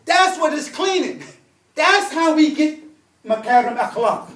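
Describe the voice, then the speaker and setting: A man teaching an Arabic religious text in class, emphatic and animated, repeating key points and reading Arabic quickly. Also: very high-pitched, reverberant, recorded from a distance. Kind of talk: classroom lesson.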